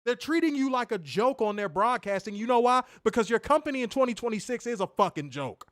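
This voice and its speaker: A man's voice: extremely high pitch, animated, a little fast, a bit bright, no room sound. Podcast co-host, male, angry profane rant, dry close sound. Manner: profane, fiery, repetitive rhetorical questions. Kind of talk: heated ranting commentary.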